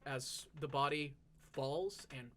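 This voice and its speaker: A game master slowly narrating a tabletop game, telling the scene dramatically with frequent restarts. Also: medium pitch, fairly bright tone, slight background noise. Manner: slow, dramatic storytelling with restarts.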